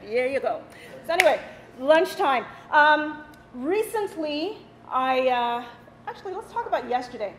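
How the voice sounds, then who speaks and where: A woman hosting a talk show, telling animated stories straight to a live studio audience. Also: high voice, measured pace. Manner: animated, chatty, addresses the audience. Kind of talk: storytelling monologue to a studio audience. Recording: echoey studio with audience noise.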